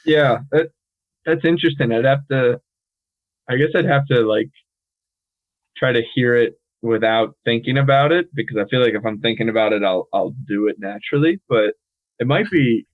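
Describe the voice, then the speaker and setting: A man with an American English accent, co-hosting a podcast in casual chat, talking in a relaxed, monotone way full of fillers. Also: mid-range voice, moderate pace, dry recording. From United States. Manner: relaxed, filler-heavy, says he speaks in a monotone. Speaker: podcast co-host. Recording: dry, phone-like audio.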